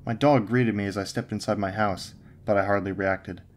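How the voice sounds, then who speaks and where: A man's voice: on the low side, fairly even intonation, normal speed, slight background noise. A man narrating a first-person horror story in a grim, haunted way.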